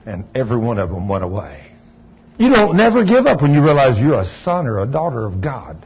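A man's voice: mid-range voice, big pitch swings, fairly quick, slightly rough. A man preaching a sermon in a fervent, folksy storytelling way. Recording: dull lo-fi recording. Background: congregation saying amen.

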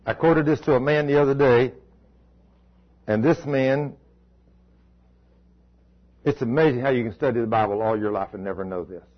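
Husky preacher man, folksy. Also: mid-range voice, moderate pace, long pauses. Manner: folksy storytelling, emphatic repetition. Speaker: pastor. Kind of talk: sermon. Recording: dull lo-fi recording.

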